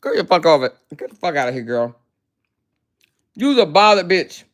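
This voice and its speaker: A woman's voice: sits low, very animated, moderate pace. A woman hosting a casual livestream, talking in a brash, profane, mocking way. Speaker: livestream host.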